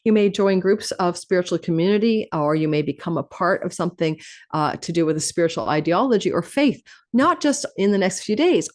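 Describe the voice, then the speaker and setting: Woman astrologer host, rapid and animated delivery, stacks phrases into lists. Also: fairly low pitch. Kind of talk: fast-talking astrology forecast monologue.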